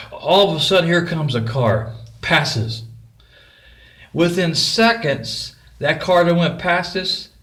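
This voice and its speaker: A man's voice: a little high, lively intonation, slow pace, pauses often, fairly bright tone. A middle-aged man telling a personal story in a folksy, rambling way. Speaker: vlogger.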